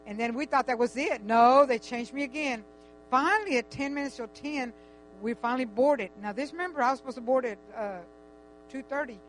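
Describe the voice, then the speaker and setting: An older woman tells a long personal story in a casual, animated way, full of restarts and quoted dialogue. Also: sits high, brisk, low-quality recording. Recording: faint music and mains hum.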